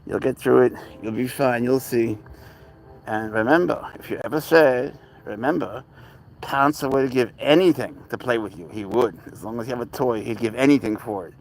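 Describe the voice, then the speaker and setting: A man hosts a casual live stream at a mid pitch, rambling through his stories the way he would with a friend. Between the stories he slips into soft baby talk for his cat. The tone stays easygoing and unscripted. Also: normal speed. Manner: rambling, conversational storytelling. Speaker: livestream host and pet owner; teacher.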